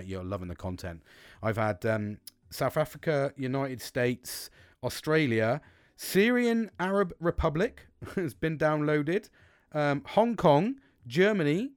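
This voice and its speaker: A man's voice: medium pitch, no echo, studio quality. A man from England, hosting a casual solo podcast, talking bluntly and swearing freely as he rambles with restarts. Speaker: podcast host. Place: small wooden shed. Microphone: close podcast mic.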